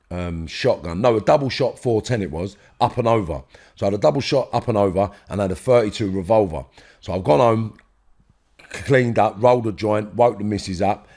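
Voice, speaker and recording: A middle-aged London man telling a rough story as a podcast guest, swearing and acting out the voices of the people in it. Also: lowish voice. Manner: swearing, animated, acts out quoted voices loudly. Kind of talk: storytelling in an interview.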